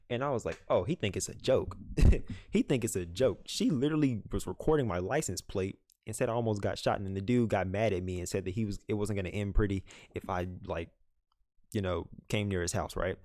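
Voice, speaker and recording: A young man casually retelling a story for his vlog, animated, with many fillers. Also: lowish voice, no room sound, studio quality. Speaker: vlogger. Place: home room, dog nearby.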